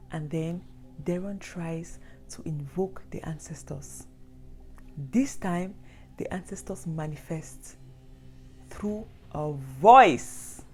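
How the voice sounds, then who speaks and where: Woman storyteller, dramatic repetitions, low mellow voice. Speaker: storyteller host. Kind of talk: storytelling narration.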